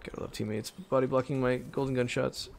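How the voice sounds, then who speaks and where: A young man streaming a shooter game, grumbling sarcastically at teammates and bursting into frustrated shouts. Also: medium pitch, steady tone, brisk, creaky, background noise. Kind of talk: live gameplay commentary.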